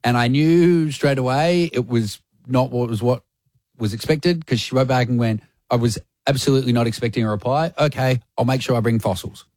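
A man on breakfast radio tells a story, switching into other people's voices as he quotes them. He speaks at a middle pitch, and the studio sound is close and dry. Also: brisk, no room sound. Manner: animated, acts out quotes. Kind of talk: casual storytelling chat.

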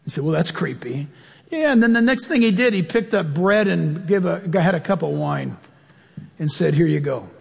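High-pitched animated male pastor preaching. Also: moderate pace, vocal fry, breathy edge. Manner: animated storytelling with sudden pitch jumps. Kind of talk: sermon. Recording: long church-hall reverb.

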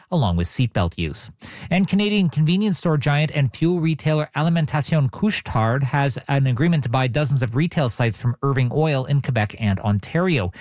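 A man reads the radio news and weather in an even, measured newscast style, with his voice at a middle pitch. The studio sound is dry and close, with no room around it. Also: no echo. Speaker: radio newsreader. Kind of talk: scripted news and weather read.

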